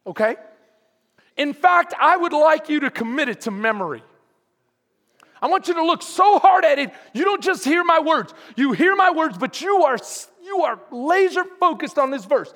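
High-voiced pastor preaching emphatically. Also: male voice, a bit bright. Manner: emphatic preaching, calls out to the congregation. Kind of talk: sermon. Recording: long hall reverb.

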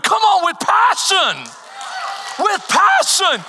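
Pastor guy, really high sharp voice, animated sermon stories, big echoing church hall. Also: moderate pace, a faint crowd, a little hiss or hum. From Texas. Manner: animated storytelling, rising to shouted exhortation. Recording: long hall reverb.

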